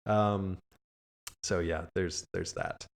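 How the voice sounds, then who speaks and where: Man, podcast host, fairly low voice, relaxed, meandering casual chat. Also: slow pace, gravelly.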